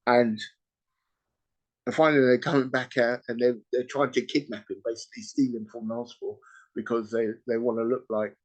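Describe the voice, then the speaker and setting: A man hosting a podcast, retelling a story in casual chat, animated and peppered with "you know" and "right?". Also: mid-range voice, brisk, dull audio. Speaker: podcast host.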